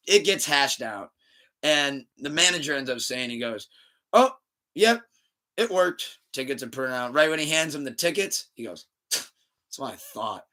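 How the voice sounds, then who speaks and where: A man tells a story on a casual podcast, and his voice is clear and bright and sits a little high for a man. He jumps between loud outbursts and quiet muttered asides, and he laughs often. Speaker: podcast host.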